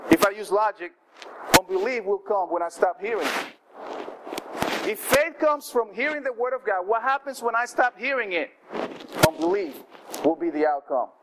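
A man's voice: sits high, background noise. A man preaching a sermon in a conversational way, often restarting his sentences and acting out the quotes he tells. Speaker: pastor.

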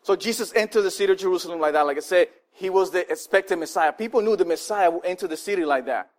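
Preaching fast, a high-voiced male pastor delivers his sermon loosely and conversationally, full of fillers and restarts. He's animated, acting out the people he quotes.

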